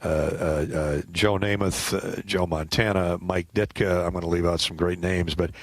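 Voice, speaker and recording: A man hosting a radio show who asks questions in a chatty, halting way with frequent fillers. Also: low-pitched, level tone, no echo. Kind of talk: casual radio interview.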